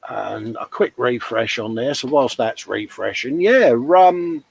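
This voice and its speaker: A man's voice: mid-range voice, expressive, a little slow, gravelly, husky, poor audio. A man co-hosting a hobby livestream, casually chatting and reading out viewer comments, calling everyone mate. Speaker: livestream co-host.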